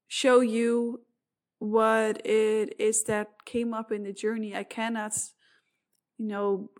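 Woman podcast host, mid-pitched, earnest and unscripted, drifting thoughts, frequent "um"s. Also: darkish tone. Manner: earnest, meandering, with frequent fillers and restarts. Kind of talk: solo podcast monologue.

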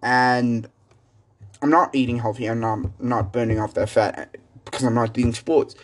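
A teenage boy talks alone into his podcast mic, rambling from one point to the next. His delivery is casual and animated, packed with fillers and restarts as he tells the story. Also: medium pitch, moderate pace. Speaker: student podcaster. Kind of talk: casual solo podcast monologue.

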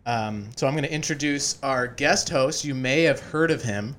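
A man's voice: mid-range voice, moderate pace, fairly bright tone, slight background noise. A man hosting a casual podcast chat, joking and laughing often, with many fillers. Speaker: podcast host.

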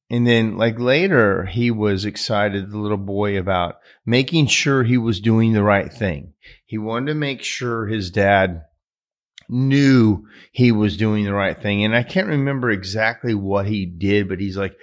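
A man's voice: on the low side, unhurried. A man hosting a podcast, telling a story in a casual, earnest way that rambles with many fillers and restarts. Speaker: podcast host.

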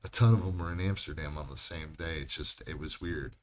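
Guy with a super low voice rambling on about old tour buddies, swears a bunch. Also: brisk. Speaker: podcast co-host. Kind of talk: casual chat.

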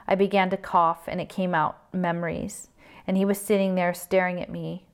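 A woman reading a novel aloud, with steady, subdued first-person narration. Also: on the low side, normal speed, smooth. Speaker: reader.

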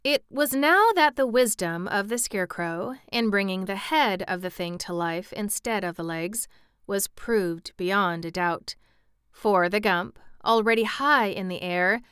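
Bright, crisp woman reading a storybook. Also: medium pitch, no room sound, clean studio sound. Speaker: narrator.

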